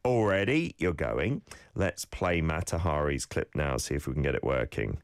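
A male radio host teaching Korean in a studio, lively and encouraging, carefully explaining pronunciation. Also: very deep voice, moderate pace, creaky, clean tone, dry recording. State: slight cold, sneezing. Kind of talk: radio lesson with listener clips.

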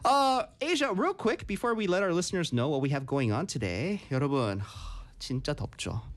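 Korean-accented woman podcast co-host, low and lively, rapid Korean and slow English. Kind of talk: bilingual casual podcast chat.

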